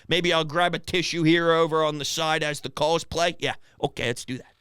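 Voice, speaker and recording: A male sports host reacts live to a game, giving exasperated and mocking play-by-play. His voice sits high and bright with a smooth, crisp tone. The sound is close and dry, with no room around it. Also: steady tone, a little fast, no echo.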